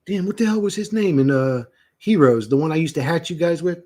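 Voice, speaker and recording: A man's voice: fairly high pitch, lively intonation, fairly quick, mellow. A man hosting a livestream, chatting casually with viewers in a rambling, profane, joking way. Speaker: livestream host. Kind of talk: casual chat reading viewer comments.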